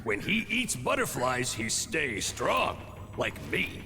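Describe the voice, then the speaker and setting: A boastful strong dragon. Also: male voice, mid-range voice, wildly swooping pitch, slow pace, in a large hall, exaggerated voice. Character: proud strong male dragon. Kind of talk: video game character dialogue.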